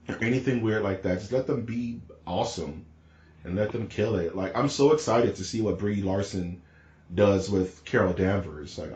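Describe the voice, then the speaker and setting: A fairly low-voiced man rambles excitedly in slangy casual chat as a podcast co-host. His voice bounces around an echoey room. The recording sounds dull and lo-fi.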